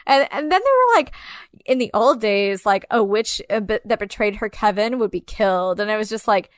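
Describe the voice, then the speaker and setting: A woman talking casually on a podcast, leaning on "like" and laughing easily as she goes. Her pitch sits in an ordinary middle range. The recording is dry and close. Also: animated, a little fast, no echo. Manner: filler-heavy, many "like"s, laughs easily. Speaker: podcast co-host. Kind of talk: casual film discussion.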